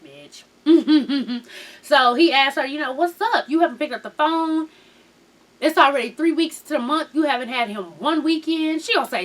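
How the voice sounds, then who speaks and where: A woman's voice: high-pitched, normal speed. A woman recapping a reality show in a casual, sassy, profane gossip style, acting out the people in her story.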